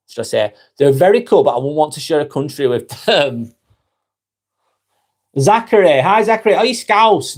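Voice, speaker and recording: A man with a Lancashire accent talks to his viewers on a live stream, his voice sitting at an ordinary middle pitch. He reads out their comments and chuckles along with them. His manner is gentle and reflective throughout. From Northwest England.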